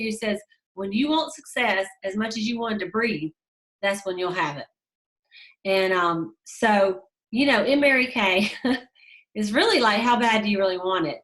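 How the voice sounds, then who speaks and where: A woman's voice: on the high side, normal speed, a bit bright. A woman giving a casual motivational talk to her sales team, telling stories with many fillers and emphatic repeats.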